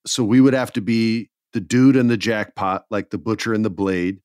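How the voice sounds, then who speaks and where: Lively joking man, low voice, dry sound. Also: moderate pace, clear, resonant tone, no echo. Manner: animated, jokey, does goofy voices for quotes. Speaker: podcast co-host. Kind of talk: casual chat.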